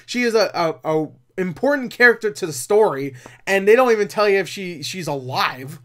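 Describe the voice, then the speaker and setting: A man's voice: sits high, expressive, brisk, fairly bright tone. A man giving a casual movie review, rambling with lots of fillers and profane, exasperated outbursts.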